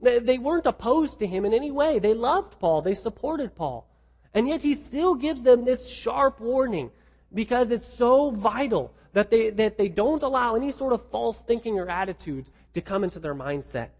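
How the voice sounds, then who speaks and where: A man delivers an emphatic sermon, often restarting and doubling his words. His voice sits high and has a breathy, husky edge. The sound carries a long reverb, like a church hall. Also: expressive, normal speed, darkish tone. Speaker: pastor.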